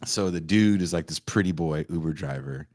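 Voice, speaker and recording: A young male podcast host with a bass voice and darkish tone retells a film's plot as a casual comedic review, recorded dry. He's profane and sarcastic, briefly acting out the characters in quick voices.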